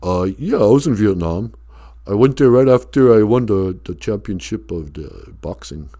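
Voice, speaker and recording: A man impersonating a confused, punch-drunk male action star with a low, slurred drawl. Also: lively intonation, moderate pace, dark tone, close to an everyday voice. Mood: dazed.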